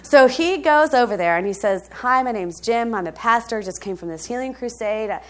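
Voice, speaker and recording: High-voiced woman preaching a testimony. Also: normal speed. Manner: animated, laughing often, checks in with 'all right?'. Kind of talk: storytelling testimony sermon.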